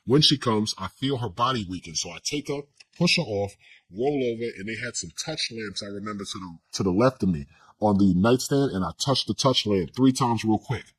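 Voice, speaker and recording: A man's voice: fairly low pitch, expressive, brisk, slight background noise, poor audio. A man candidly recounting a personal story in an interview, blunt and conversational, with slang and restarts.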